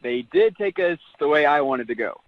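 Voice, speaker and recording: A man calling in over a dull, narrow phone line, sounding defensive and a bit sheepish. His voice sits slightly high for a man. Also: animated, normal speed, a crowd in the background. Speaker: caller.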